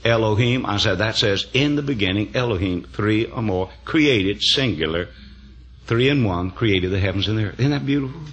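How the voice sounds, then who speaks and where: A man's voice: lowish voice, animated, moderate pace, a bit bright, dull audio. An older man preaching a sermon, telling folksy stories with emphatic amens and chuckles. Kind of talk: sermon storytelling.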